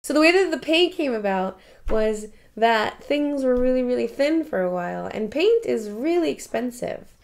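A woman painter speaking candidly in a documentary interview, emotional and quick to laugh, swearing casually. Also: on the high side, lively intonation. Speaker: painter interviewed about her life.

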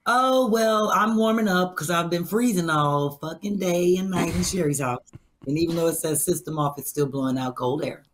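A woman's voice: lowish voice, normal speed, a little hiss or hum. A woman filling in as a podcast co-host, sassy and blunt, who swears freely. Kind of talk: casual chat.

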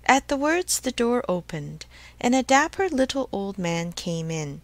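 Clear measured woman narrating. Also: a little high, very animated, no echo. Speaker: storyteller for English learners. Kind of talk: scripted storybook narration.

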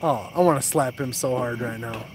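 A man's voice: medium pitch, moderate pace, noisy background. A young man hosting a fishing live stream outdoors at night, teasing his partner and reading viewer comments aloud. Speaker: fishing show host. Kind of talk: casual live-stream chat. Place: creek bank outdoors at night.

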